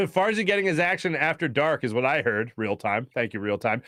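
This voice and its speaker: A man hosting a live sports talk stream, reading viewer comments in a loose, joking way full of fillers. His voice sits a little high for a man. The studio sound is dry and close, with no room echo. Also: very animated, normal speed, a bit bright. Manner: loose, jokey, reads chat aloud with many fillers. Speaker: sports talk show host. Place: small studio.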